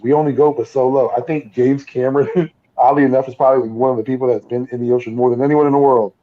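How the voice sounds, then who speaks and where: A man's voice: mid-range voice, fairly even intonation, fast. A man in a casual podcast chat, musing about ideas. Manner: speculative, musing. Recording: dull lo-fi sound.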